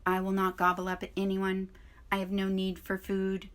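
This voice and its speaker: A woman voicing a calm, polite female robot in her own even voice during a children's book read-aloud. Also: medium pitch, normal speed, lightly acted.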